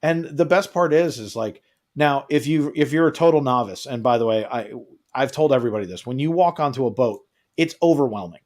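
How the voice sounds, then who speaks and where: A man's voice: medium pitch, brisk. A man co-hosting a live travel chat, telling stories with lots of energy and acting out the people he quotes. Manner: animated storytelling, acts out quotes. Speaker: co-host of a travel show. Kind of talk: casual livestream chat.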